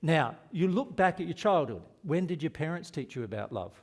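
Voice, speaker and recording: A man's voice: a little high, very animated, fairly quick. A man with an Australian accent giving a spiritual seminar, earnest and asking the audience rhetorical questions. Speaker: spiritual teacher.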